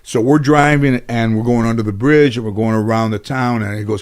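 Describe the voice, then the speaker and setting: A man's voice: medium pitch, brisk, clean tone. A man sits as an interview guest and tells long, winding stories. He talks in a loose, casual way, full of restarts and "you know" fillers. He acts out other people's lines as he goes. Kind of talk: casual anecdotal storytelling.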